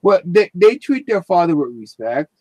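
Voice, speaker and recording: A man's voice: high voice, very animated, normal speed, a little mellow. Blunt, sweary man chatting on a stream. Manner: blunt, swears freely, rambling. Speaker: live-stream host. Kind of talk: casual live-stream chat.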